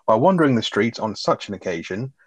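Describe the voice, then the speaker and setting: A man, co-hosting a podcast and retelling film scenes in a sweary, animated way. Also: fairly low pitch, quick pace, slightly rough, dry recording. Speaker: podcast co-host. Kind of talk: casual film review chat.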